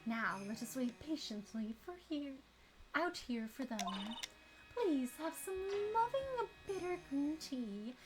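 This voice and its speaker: A woman voicing a stern, formal older aunt who speaks in a prim, measured way. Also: high voice, sing-song, over music, full character voice.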